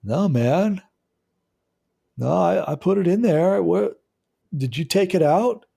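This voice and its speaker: A man's voice: sits high, lively intonation, slow, vocal fry, warm tone, breathy edge, pitched above the performer's own voice, heavily acted. A man voicing a young man who defensively protests he did nothing wrong.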